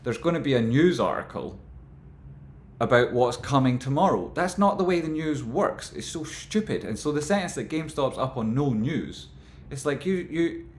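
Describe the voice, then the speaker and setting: A man rambling through casual stock market commentary, with animated, exasperated rants. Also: medium pitch, normal speed, roomy sound, slight background noise.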